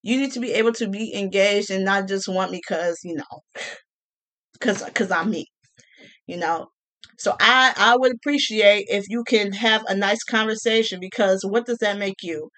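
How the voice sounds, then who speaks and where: A woman ranting casually to her viewers, sassy and animated, with colloquial speech, repeated words and mocking quoted voices. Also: mid-range voice, normal speed. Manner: colloquial, with many restarts and repeats. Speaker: vlogger. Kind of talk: casual rant to camera.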